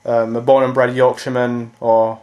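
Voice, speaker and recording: A man's voice: mid-range voice, level tone, moderate pace, dull audio. Sarcastic East Midlands man, foul-mouthed. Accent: East Midlands (Nottinghamshire). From Nottinghamshire, England. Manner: sarcastic, mocking, heavy swearing. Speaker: vlogger. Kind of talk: casual vlog commentary.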